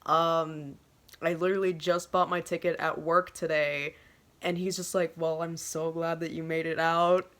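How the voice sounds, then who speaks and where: A woman in her twenties telling a casual storytime vlog, swearing constantly and talking excitably. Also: low voice, normal speed, a little hiss or hum. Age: 20s. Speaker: vlogger.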